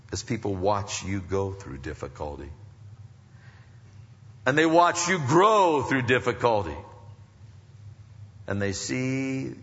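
Preaching man in an echoing hall. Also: gravelly. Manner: swings from soft and low to loud, high emphatic preaching. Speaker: pastor. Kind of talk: sermon. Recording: muffled recording in a reverberant hall.

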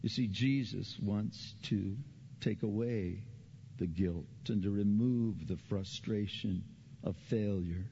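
Earnest gravelly-voiced male pastor preaching. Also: slow pace. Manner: earnest storytelling, repeats phrases, rises in pitch when animated. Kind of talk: sermon. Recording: slightly dull recording with faint background noise.

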